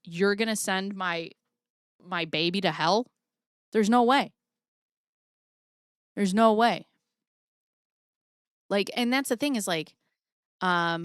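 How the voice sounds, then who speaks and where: A woman's voice: mid-range voice, takes it slowly, long pauses, clean tone, no echo, clean studio sound. A woman in her thirties hosting a casual livestream, chatting frankly and swearing freely while reading out comments from viewers. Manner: chatty, swears freely, reads chat aloud. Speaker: livestream host.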